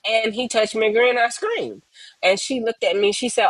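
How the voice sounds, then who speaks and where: A woman speaks on a remote call in a dry, close sound. She is earnest and reflective, pausing often as she tells a personal story. Her voice sits at a middle pitch. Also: no echo, poor audio. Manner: earnest, pauses often, acts out quoted voices. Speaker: guest sharing her story. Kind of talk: emotional personal testimony, slow and reflective.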